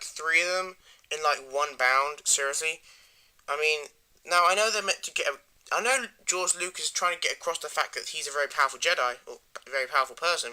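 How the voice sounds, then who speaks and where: Guy, toy reviewer, higher voice, very bright tone, rambly and eager. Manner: rambling, enthusiastic, trails off into mumbles.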